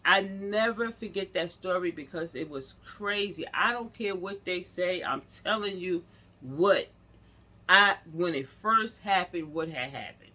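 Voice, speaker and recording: In a casual storytime vlog, a woman tells a story straight to her viewers, rambling and restarting as she goes. Her voice sits on the low side, unhurried yet pushed and bright, and her manner is chatty.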